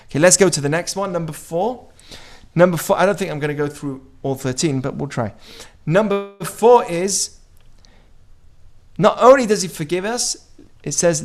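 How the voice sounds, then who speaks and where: Man, Jewish teacher, fairly high voice, informal class, asks listeners questions, acts out quotes. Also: a little slow, pauses often. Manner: conversational, asks the audience questions.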